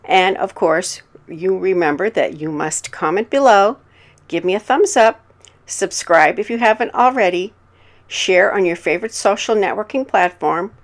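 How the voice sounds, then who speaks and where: A woman narrating horror stories for her channel in a calm, measured way. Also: mid-range voice, poor audio.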